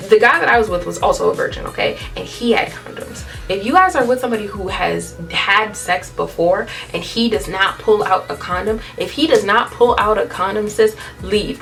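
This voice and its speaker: A woman's voice: mid-range voice, fairly bright tone, far from the mic. A young woman telling a candid storytime on her vlog, chatty and dramatic, full of slang and laughing often. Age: young adult. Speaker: vlogger.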